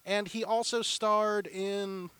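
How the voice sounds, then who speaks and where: Man, podcast co-host, wry deadpan humor, slightly high voice, dry close sound. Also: slow pace, smooth, no room sound. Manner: wry, deadpan joking, laughs often. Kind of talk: casual chat.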